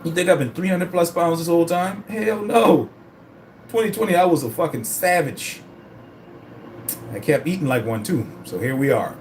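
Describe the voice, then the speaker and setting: At a moderate pace and fairly high pitch, a man chats casually in a vlog about getting fit, with slight background noise present. The talk is rambling, profane, and animated.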